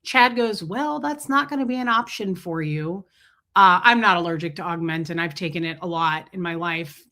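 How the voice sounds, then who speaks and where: Bright-voiced chatty woman livestreaming. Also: on the low side, normal speed. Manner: chatty, jokey, greets viewers mid-story. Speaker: livestream host. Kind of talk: casual storytelling chat.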